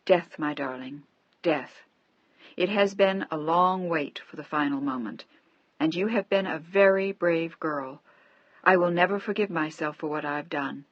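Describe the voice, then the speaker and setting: A woman voicing a frail, bedridden elderly husband who speaks softly, wearily and tenderly. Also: low-pitched, a little slow, no room sound, lo-fi sound. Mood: weary tender. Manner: soft, weary, affectionate.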